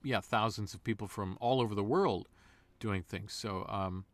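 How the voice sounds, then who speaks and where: A man guest voice actor in a casual interview, an animated storyteller. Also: fairly low pitch, moderate pace, dry recording.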